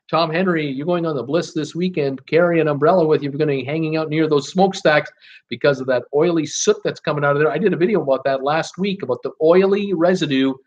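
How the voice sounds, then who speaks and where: A man hosting a live stream, chatting casually and greeting viewers by name as he reads their comments aloud, with lots of "uh" fillers along the way. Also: fairly high pitch. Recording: dull lo-fi sound.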